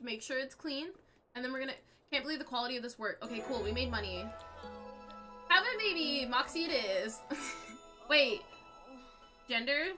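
A young adult woman streaming a game live, chatting with viewers and reacting aloud in an excitable, chatty way. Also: high voice.

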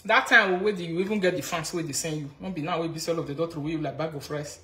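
With a low voice and a fast-talking delivery, a Nigerian social media commentator rants casually on a live video, mocking and animated. She mixes Pidgin with local languages, and the sound is roomy.

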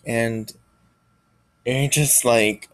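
A man speaking in a personal confessional vlog, near tears, halting and hesitant, often trailing off. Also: medium pitch, steady tone, a bit bright, no echo, poor audio. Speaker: vlogger.

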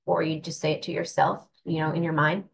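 A woman's voice: deep voice, flat delivery, a little fast, gravelly, a little hiss or hum, poor audio. A woman giving an earnest, reflective spiritual talk in a casual, conversational way, often restarting her sentences. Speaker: spiritual teacher.

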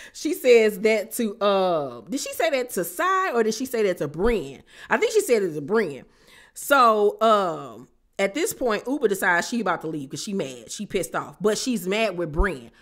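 Brief: woman, mid-pitched voice, sassy and animated, chatty reality-TV recap vlogger. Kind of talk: casual recap commentary.

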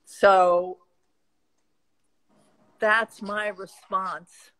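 A woman with a Midwestern accent speaking reflectively as a guest in a live chat, pausing and restarting as she thinks. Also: mid-range voice, little pitch movement, fairly bright tone, low-quality recording. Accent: American Midwestern.

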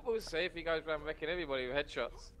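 A man's voice: a little high, rapid-fire, a bit bright. Blunt, swearing man calling shots in-game. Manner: blunt, swears a lot, suspicious of cheaters. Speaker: gamer. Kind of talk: casual gaming chat.

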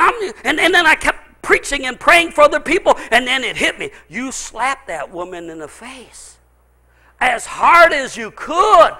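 A middle-aged man preaching a sermon in a high, strikingly bright voice. He tells his stories with a lot of up and down in his pitch, shouting out the big moments and sinking low and intense in between. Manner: storytelling preacher, swings from loud exclaiming to low intensity. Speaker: pastor.

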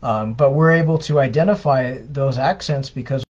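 A man's voice: mid-range voice, moderate pace. A man co-hosting a live question-and-answer stream, giving advice in a casual, conversational way with frequent fillers and restarts. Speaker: co-host answering viewer questions. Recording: dull lo-fi livestream audio.

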